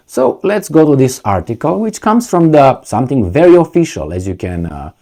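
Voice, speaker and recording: A man's voice: mid-range voice, big pitch swings, normal speed, dark tone. A man giving solo video commentary, sarcastic and mocking, firing off rhetorical questions. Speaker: political commentator.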